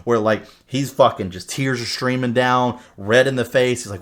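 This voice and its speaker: Animated, swearing male podcast host. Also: mid-range voice, moderate pace, few pauses. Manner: animated storyteller, heavy swearing, many fillers. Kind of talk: casual chat, retelling a movie plot.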